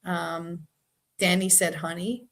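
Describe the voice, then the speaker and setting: A woman's voice: fairly low pitch, flat delivery, takes it slowly, a bit bright. Chatty woman trivia host from Boston. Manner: chatty, laughs easily, reads viewer comments aloud. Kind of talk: casual live-stream chat.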